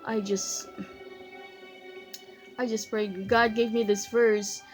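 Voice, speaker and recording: Slow, earnest woman sharing her faith. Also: medium pitch, level tone, music in the background, low-quality recording. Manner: earnest, repeats phrases, recites verses with emphasis. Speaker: vlogger sharing a faith testimony. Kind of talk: casual spoken testimony.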